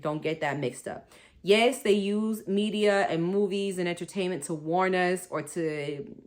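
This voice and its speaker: A woman's voice: lowish voice, fairly bright tone. A woman hosting a spiritual wellness talk, chatty and rambling, laughing often and calling her listeners y'all. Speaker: spiritual wellness podcast host.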